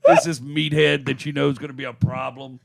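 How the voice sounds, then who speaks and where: A man with a Texan accent telling a profane, animated story as a podcast co-host. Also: medium pitch, a little fast, vocal fry, background noise. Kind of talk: casual chat, storytelling.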